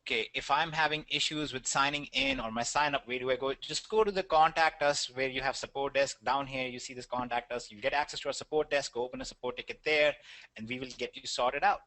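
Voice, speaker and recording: Bright, brisk webinar host man. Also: mid-range voice. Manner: brisk, joking, reassuring.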